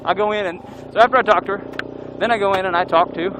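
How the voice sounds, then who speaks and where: A man's voice: sits high, fast, background noise. A man vlogging as he rides an off-road motorcycle trail, telling a long story and whooping now and then. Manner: animated, whoops and yells while riding. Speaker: motovlogger. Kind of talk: storytelling while riding.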